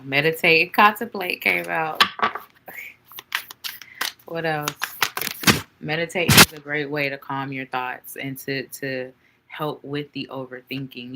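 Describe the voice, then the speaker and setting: A woman's voice: sits low, background noise. A woman reading tarot cards for viewers in a chatty, playful way, laughing often and calling viewers honey and baby. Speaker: tarot reader.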